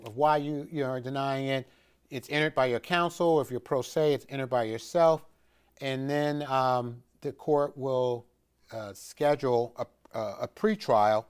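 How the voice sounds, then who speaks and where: A man's voice: medium pitch, smooth. Emphatic man giving casual instruction. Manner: conversational and emphatic, with frequent restarts and fillers. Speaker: instructor of an educational video series. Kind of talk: informal instructional talk.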